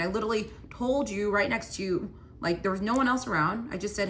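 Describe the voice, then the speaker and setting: A woman's voice: medium pitch, lively intonation, fast, hardly any pauses, a bit bright. A young woman telling a personal story in a casual, chatty way, full of "like" fillers and acted-out dialogue. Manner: chatty, frequent "like" fillers, acts out quoted dialogue.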